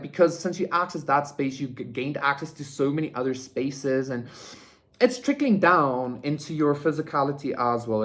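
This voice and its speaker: Rambling casual tarot reader. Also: medium pitch. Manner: rambling, many "like" and "okay?" tags, swears freely. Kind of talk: casual pick-a-card tarot reading.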